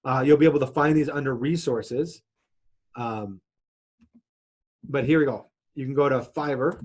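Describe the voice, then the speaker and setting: A man's voice: mid-range voice, normal speed, a little mellow, slightly rough. A man teaching an online marketing course lesson, talking casually with fillers and restarts, sharing his screen. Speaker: marketing instructor.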